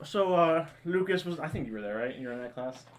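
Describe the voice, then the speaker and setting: A young man telling a high school story on a podcast among friends, swearing freely, laughing and acting out the lines people said. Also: lively intonation, fast talker, a little hiss or hum.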